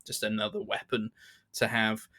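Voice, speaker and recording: A male podcast co-host gives a casual film review, full of hesitation, fillers and restarted sentences. The pitch is fairly low with little movement, the speed normal, and the tone bright and forceful.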